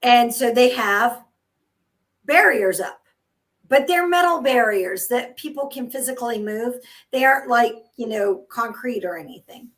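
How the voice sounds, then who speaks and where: A woman co-hosting a casual chat, telling stories in an animated way with quick laughs. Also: fairly high pitch. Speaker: co-host. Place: lives in the Netherlands.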